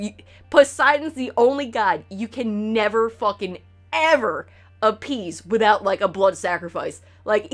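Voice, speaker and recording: Animated rambling woman streamer. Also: fairly high pitch. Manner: rambling, animated, swears freely. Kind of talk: casual chat with stream viewers. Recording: faint game music behind.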